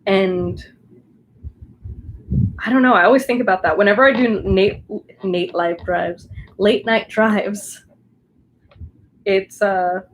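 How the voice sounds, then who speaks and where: A woman's voice: mid-range voice, slow pace, pauses often, poor audio. Brief: young woman, Southern Californian accent, rambling livestream chatter, faint room hum behind. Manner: chatty, rambling, many likes and restarts. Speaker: crafting livestreamer. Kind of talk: casual live chat while crafting.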